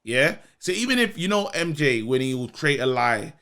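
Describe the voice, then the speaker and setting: A man, co-hosting a podcast in animated, slangy casual chat. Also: medium pitch, normal speed, clean tone. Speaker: podcast co-host.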